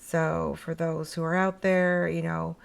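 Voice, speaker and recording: A middle-aged Canadian woman hosts a casual podcast with a gravelly, fry-laced voice sitting a little low. She chats loosely, with plenty of ums and easy laughter. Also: level tone, unhurried. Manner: chatty, laughs often, many fillers. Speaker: podcast host.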